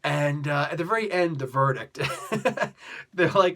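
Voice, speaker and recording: A man's voice: fairly high pitch, unhurried. A man casually retelling a comic book story, acting out the characters' lines, coughing and losing his voice. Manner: animated, acts out characters' lines with laughs.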